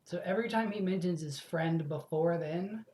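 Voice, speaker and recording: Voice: medium pitch, normal speed, a little mellow, roomy sound. A let's play host in casual commentary, rambling, swearing freely and correcting themself as they go.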